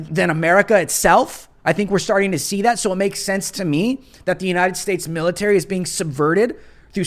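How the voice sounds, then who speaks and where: Slangy, animated male live-stream host. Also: sits high. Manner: animated, repetitive, slangy and casual. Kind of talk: live political commentary stream.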